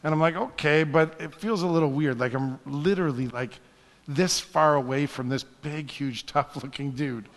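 The sermon comes from a married adult pastor whose high, ringing voice echoes with long reverb, as in a big sanctuary. Speaking at normal speed, he tells a personal story animatedly, lowers to hushed asides, and climbs into fervent appeals to his listeners.

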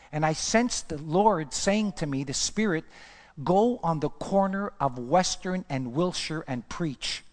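A male pastor delivers a testimony sermon with a fairly high voice. He tells the story with animation, pushing his voice up sharply when he acts out his own words. The sound carries a long reverb, as if from a large church hall.

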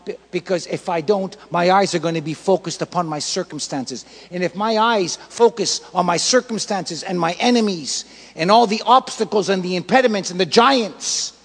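Male pastor preaching with emphatic repetition, husky tone, in a reverberant church hall. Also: high-pitched. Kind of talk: sermon.

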